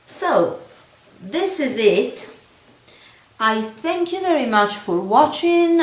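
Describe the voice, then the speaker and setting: Gentle woman showing her craftwork. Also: medium pitch. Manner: gentle, halting, many fillers and self-corrections. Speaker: craft vlogger. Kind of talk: show-and-tell craft video. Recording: echoey room with faint ambience.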